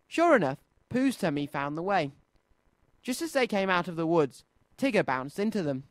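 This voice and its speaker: A male children's radio presenter reads a storybook aloud. His pitch swoops lively and sing-song. The sound is dry and close. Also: normal speed, no room sound.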